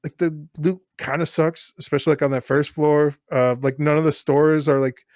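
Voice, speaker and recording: Podcast co-host, male, slightly high voice, rambling filler-heavy chat, dry close sound. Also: level tone, normal speed, darkish tone, no echo. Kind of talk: casual chat.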